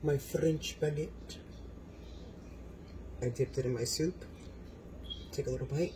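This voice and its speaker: A man's voice: fairly high pitch, slow, background noise. A man filming a casual cooking demonstration in his home kitchen. He talks straight to his viewers and keeps exclaiming how delicious the food is. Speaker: home cook vlogger.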